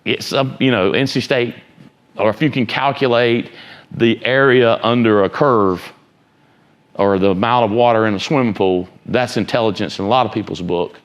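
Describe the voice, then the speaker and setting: A man's voice: fairly low pitch, moderate pace. A man giving an informal motivational talk to students, emphatic and rambling, often checking whether the room follows him. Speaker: entrepreneur and motivational speaker.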